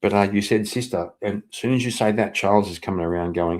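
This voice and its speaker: A livestreamer chats casually and reads viewer messages aloud, rambling, swearing, laughing often, and bursting into sudden loud, excited outbursts. His voice is lowish and his pace quick.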